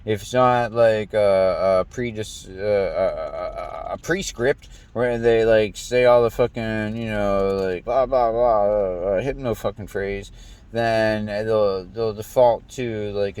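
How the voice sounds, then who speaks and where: A young American man rants casually, cursing often and rambling, stammering and restarting as he goes. He has a clean-toned voice on the low side.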